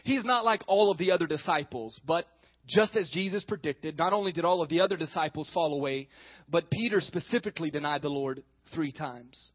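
A man with a high voice delivers a sermon as pastor. He is animated and acts out the dialogue in the passages he reads. The recording is dry and slightly muffled. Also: fairly quick, no echo.

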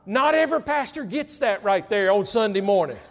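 High-voiced pastor preaching in a hall. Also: male voice, animated, brisk. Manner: folksy storytelling, softening to hushed intensity. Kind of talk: sermon. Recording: long hall reverb with faint music.

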